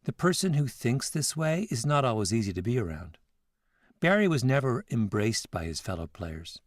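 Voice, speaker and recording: A man hosting a podcast, telling a story in scripted narration with a measured, reflective manner. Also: mid-range voice, very animated, no room sound, studio quality. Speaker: podcast host.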